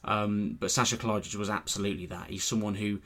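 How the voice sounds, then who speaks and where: Low-voiced male football reporter, casual podcast co-host, teasing, easy laugh. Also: steady tone, quick pace, a bit bright.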